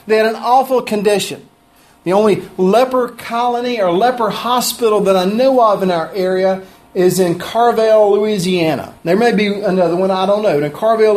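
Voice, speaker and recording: A man's voice: high voice, darkish tone. A man preaching a sermon, reading scripture and explaining it earnestly with emphasis.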